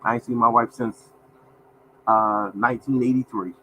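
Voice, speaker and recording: A man's voice: medium pitch, fairly even intonation, normal speed, a little hiss or hum. Folksy middle-aged man on a lo-fi stream. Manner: folksy, repeats phrases, addresses viewers as y'all. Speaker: livestream host. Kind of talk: casual livestream talk.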